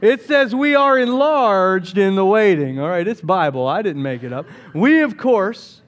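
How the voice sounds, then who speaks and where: A man preaching a sermon as pastor, telling stories with playful jokes. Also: high voice. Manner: animated storytelling with jokes.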